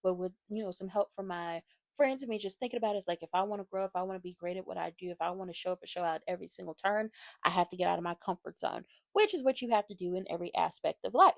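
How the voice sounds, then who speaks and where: A woman recapping a reality show for her channel, animated and fired up, talking straight to her viewers. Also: fairly low pitch, quick pace, gravelly, no echo, studio quality. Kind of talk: casual recap commentary.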